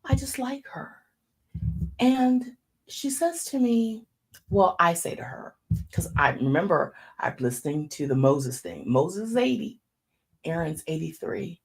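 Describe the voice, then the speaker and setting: A woman in her fifties hosting a faith talk show, preaching in a casual, folksy way and dropping into hushed asides. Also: on the low side, very animated, a little slow, creaky, husky. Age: 50s.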